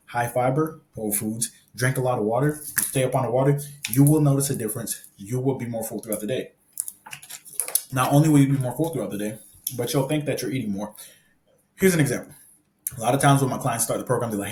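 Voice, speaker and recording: Brisk, blunt young male fitness coach, swears often, recorded in a roomy, echoing space. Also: mid-range voice, darkish tone. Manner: blunt, profane, emphatic, repeats phrases. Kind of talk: blunt motivational monologue.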